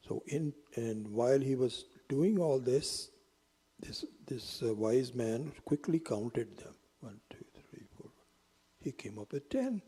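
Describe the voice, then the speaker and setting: A man's voice: medium pitch, lively intonation, takes it slowly, dark tone, husky, in a large hall. A man giving a storytelling lecture as a spiritual teacher, slipping into whispered asides. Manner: drops into whispered asides, acts out quotes.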